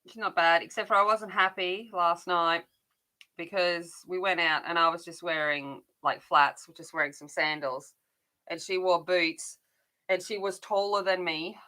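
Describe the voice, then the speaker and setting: A woman's voice: lowish voice, steady tone, unhurried, bright, forceful tone. A middle-aged woman chatting casually while colouring, rambling along with frequent restarts. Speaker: adult colouring channel host.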